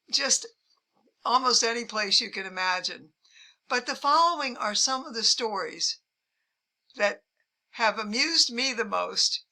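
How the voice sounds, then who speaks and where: Speaking to the camera with a bright, forceful tone, an older travel vlogger shares amused stories in a measured way. When she quotes people, her pitch goes up.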